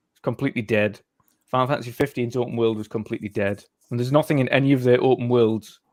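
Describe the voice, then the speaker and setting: A British man in casual chat on a gaming podcast, his voice sitting at an ordinary middle pitch. He holds forth in long opinionated runs, stumbling and restarting as he goes. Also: a little mellow, dry recording, studio quality. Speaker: podcast co-host.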